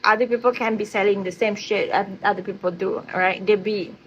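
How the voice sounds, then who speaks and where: A woman's voice: medium pitch, fairly even intonation, a little fast. A woman vlogger ranting casually to camera, blunt and profane, often checking in with "right?". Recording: slightly muffled audio with faint hiss.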